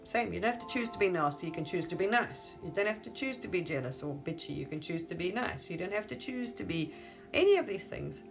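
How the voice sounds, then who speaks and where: A woman's voice: fairly low pitch, animated, fast talker, vocal fry, music in the background. A woman speaking as a spiritual teacher in a rambling monologue. She gushes, keeps repeating words of wonder and laughs often. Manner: gushing, repeats wow and amazing, laughs often.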